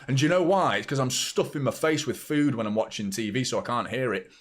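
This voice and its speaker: English man, young, casual live football chat, rambling, talks to viewers, mid-pitched voice. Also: quick pace, slight background noise. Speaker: football watchalong host.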